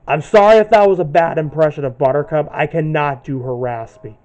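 A man's voice: fairly high pitch, a little fast, few pauses, darkish tone, dull audio. A man hosting a gaming channel, giving casual commentary and narrating each move as he plays.

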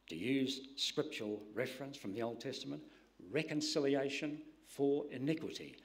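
A man preaching a sermon in an emphatic style, dropping to hushed whispers to stress a point. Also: mid-range voice.

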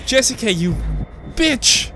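A man's voice: extremely high pitch, very animated, slow, pushed and bright, a little hiss or hum. A man commentating a horror game, jumpy and joking, screaming and swearing at every scare. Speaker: gamer. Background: game music.

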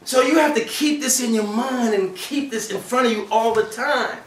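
A man giving a Friday sermon, switching between shouted acted-out voices and hushed, quiet passages. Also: very high voice, normal speed, a little hiss or hum. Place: mosque prayer hall. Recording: echoey room from a distance.

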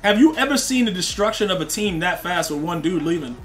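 Streaming a game live, this young man speaks in a high, animated, brisk voice. His talk is slangy and rambling, split between casual chat with viewers and trash talk aimed at opponents.

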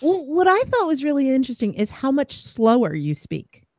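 A man hosting a podcast, reflecting thoughtfully in a relaxed chat. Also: extremely high pitch, normal speed, no room sound. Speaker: podcast host. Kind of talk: casual chat.

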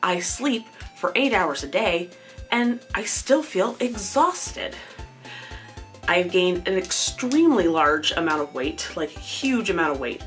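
A woman in her thirties talks in a chatty, candid way, often laughing at herself, and sounds tired. Her voice sits fairly low. Faint music plays underneath. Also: a bit bright. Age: 30s. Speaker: vlogger. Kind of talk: casual personal update.

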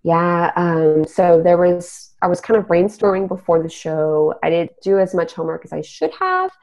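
Low gravelly woman podcast host. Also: animated, normal speed, darkish tone. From Texas. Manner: storytelling, trailing off. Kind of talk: casual chat. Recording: dull lo-fi recording.

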